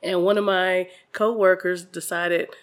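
A woman's voice: lowish voice, little pitch movement, a little slow. A woman comedian in a casual interview, telling stories animatedly and laughing often. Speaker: comedian guest.

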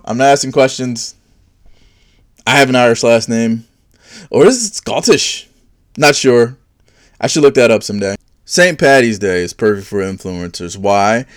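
Animated sarcastic man doing comedy. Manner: sarcastic, swings into high mocking put-on voices for bits. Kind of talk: stand-up style comedic monologue.

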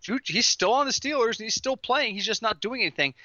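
Bright-voiced man telling sports stories. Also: very high-pitched, fast, no room sound, dull audio. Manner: animated storytelling, laughing through his lines. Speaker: podcast co-host. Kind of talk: casual podcast chat.

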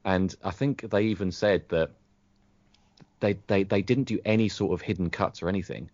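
A British man with a very deep, low voice chats casually on a podcast, enthusing about a TV show. He often repeats words as he gathers his thoughts, and the sound is dry and a little muffled. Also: moderate pace, a little mellow, dry recording. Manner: enthusiastic, repeats words while searching for them. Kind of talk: casual chat reviewing a TV show. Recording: dry, dull lo-fi audio.

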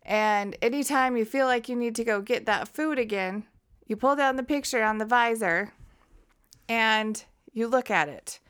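A woman with a smooth, clear voice co-hosting a chatty podcast. She talks casually and swears freely. She reads out phone call transcripts in an easy, conversational way. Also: a little high, normal speed, fairly bright tone. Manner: laughs often, swears casually. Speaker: podcast co-host. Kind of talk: casual chat, reading transcripts aloud.

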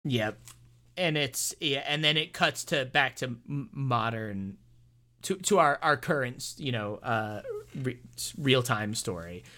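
Man, podcast co-host, bright tone, halting rambling delivery, casual film chat. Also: mid-range voice, expressive. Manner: rambling, halting, many restarts and fillers, laughs easily. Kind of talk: casual movie review chat.

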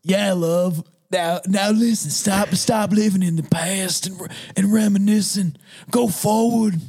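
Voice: medium pitch, steady tone, measured pace, creaky, a little mellow, slightly rough. A podcaster doing a dead grandfather's faint phone voice. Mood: fond, reassuring. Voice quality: attempted British accent drifting into an American southern twang. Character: dead grandfather calling from beyond, fond and soothing. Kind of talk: hammy read-aloud impression in a storytelling segment.

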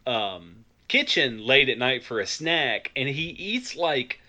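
Bright, animated man recounting scenes. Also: medium pitch, takes it slowly. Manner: playful, laughs while recounting scenes. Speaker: podcast co-host. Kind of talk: casual film review chat.

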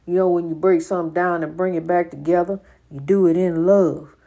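An older woman, a spiritual speaker, gives an informal monologue in a preaching style, folksily repeating her points with emphasis. Her lowish voice is steady and mellow, and she speaks fairly quickly.

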